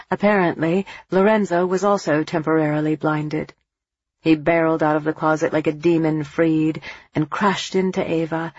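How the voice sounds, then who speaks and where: A woman narrating an audiobook in a measured, dramatic way. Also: low voice, husky, dry recording, dull audio.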